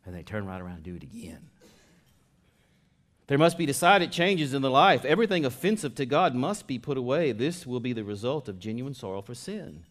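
A man's voice: mid-range voice, big pitch swings, brisk. Conversational preacher, man, big dynamic swings. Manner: conversational preaching, swinging between soft asides and loud emphasis. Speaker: pastor. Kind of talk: sermon.

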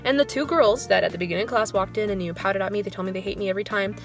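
A woman's voice: mid-range voice, very fast, over music. A young woman in her twenties, a schoolteacher, venting in a casual vlog, rambling with lots of "like" and sounding dejected. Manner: rambling storytelling, filler "like" throughout. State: dejected, low on motivation. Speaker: elementary school music teacher.

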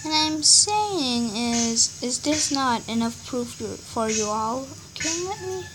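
A woman's voice: high voice, animated, takes it slowly, background noise. A young woman hosting her gaming channel, ranting in annoyance over a game with muttered asides. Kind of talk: casual game commentary.

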